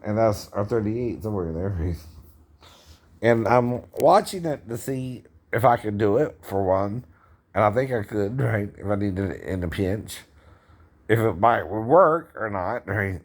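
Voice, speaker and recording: A man's voice: on the low side, animated, normal speed. A man in his fifties giving rambling commentary on a video, chuckling often and tagging his sentences with "right?".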